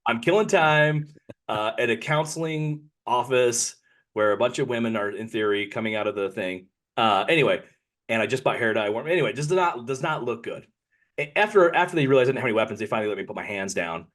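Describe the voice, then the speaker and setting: A man's voice: medium pitch, expressive, brisk, a bit bright. A man co-hosting a podcast, telling a long personal story in a casual, rambling way and often correcting himself mid-sentence. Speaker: podcast co-host.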